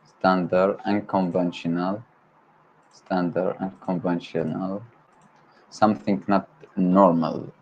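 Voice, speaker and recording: A man with a low voice and fairly even intonation slowly repeats vocabulary words one by one, drilling himself live on stream. He is an Arabic-speaking language learner, and his dull lo-fi home setup picks up faint noise.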